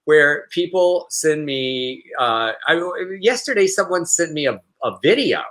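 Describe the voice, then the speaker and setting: A man's voice: fairly high pitch, sing-song, measured pace, a bit bright. A man co-hosting a casual news podcast, reading stories aloud and joking. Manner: reads news aloud with playful mock accent, laughs often. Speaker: podcast co-host.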